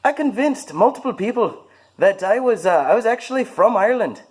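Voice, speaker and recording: A man's voice: high voice, lively intonation, fairly quick, a little mellow. A man talking casually to camera about his hobbies, rambling and self-mocking, with many fillers. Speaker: vlogger showing his hobbies.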